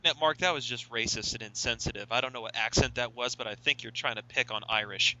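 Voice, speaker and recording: Bright-voiced teasing radio host, man. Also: medium pitch, fast talker, lo-fi sound. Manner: teasing, wraps up in a formal broadcast tone. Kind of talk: casual radio banter.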